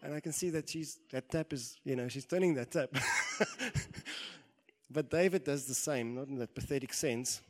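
A man in his thirties preaching a sermon, animated, acting out quoted lines and swelling into loud exhortation. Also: medium pitch, moderate pace.

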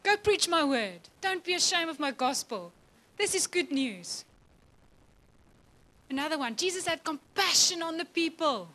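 A woman's voice: extremely high pitch, big pitch swings, a little slow, sharp tone, poor audio. A woman preaching a passionate, emotional sermon to a church, often laughing and voicing God's words.

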